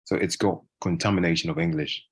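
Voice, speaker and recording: A man from Africa answers interview questions as a guest, speaking in a low, husky voice at a brisk clip. He's relaxed and often finishes his sentences with a tag question. There's no echo on the recording.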